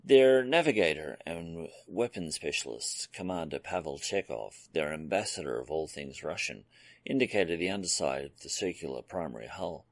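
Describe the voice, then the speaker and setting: A deep, gravelly male voice narrates in a steady storytelling read. The pitch moves freely across phrases, and the recording is dry and close with no room sound. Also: moderate pace, no room sound. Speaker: audiobook narrator. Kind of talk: scripted narration.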